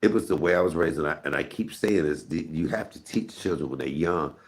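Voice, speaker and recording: A middle-aged streamer with a bass voice speaks briskly as he tells candid, rambling stories. He chats with his viewers throughout in a casual storytelling style.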